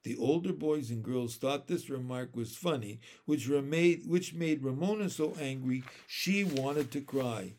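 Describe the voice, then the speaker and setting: A man reading a children's chapter book aloud in an expressive, unhurried way. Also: mid-range voice. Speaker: storyteller.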